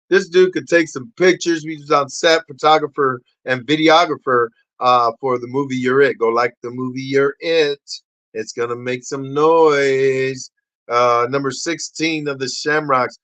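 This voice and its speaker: A middle-aged man hosting a casual livestream. He shouts greetings and shout-outs to viewers, then drops into low, quiet asides. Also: fairly even intonation, unhurried, no echo, muffled recording. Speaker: livestream host.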